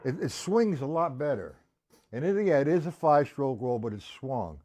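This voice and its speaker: A man's voice: mid-range voice, lively intonation, moderate pace, faint music behind. A man teaching drums on a live stream, talking casually and counting beats aloud. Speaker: drum teacher. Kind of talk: live-streamed drum lesson. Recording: loud drum kit playing behind the voice.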